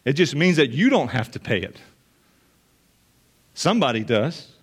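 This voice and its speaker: A man preaches a sermon to a gathered room, earnest and direct. He leans on repetition and restarts to drive each point home, speaking at a middle pitch. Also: sing-song, normal speed, husky. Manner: earnest, emphatic, repeats phrases for weight. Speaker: pastor. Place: church or meeting room with listeners.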